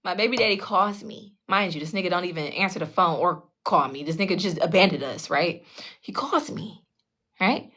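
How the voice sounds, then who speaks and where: Lowish and slightly rough, her voice moves at a moderate pace as this tarot channel host shares something personal. She's casual and blunt, swears heavily, checks in with listeners often, and animatedly acts out the people in her story.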